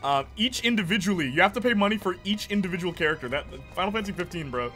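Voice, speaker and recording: A man's voice: high voice, animated, rapid-fire, bright, forceful tone. A young man streaming a video game, rambling casually and answering chat, laughing often. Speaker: gaming streamer. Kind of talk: casual chat while playing. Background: game music.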